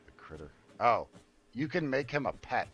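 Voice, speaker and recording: A man's voice: medium pitch, very animated, normal speed, a bit bright. An older man streaming a game, telling a long story in a blunt, profane, rambling way. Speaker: gaming streamer. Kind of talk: casual storytelling while gaming.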